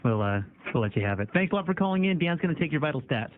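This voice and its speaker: A man's voice: a little high, big pitch swings, rapid-fire, slight background noise. A man hosting a call-in radio show, joking and teasing callers. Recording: tinny phone-line radio audio.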